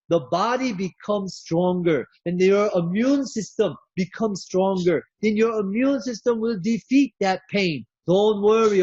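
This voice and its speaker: A man voicing a calm male doctor who reassures his patient in a soothing, insistent way. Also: high-pitched, breathy edge, exaggerated voice. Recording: dull lo-fi recording.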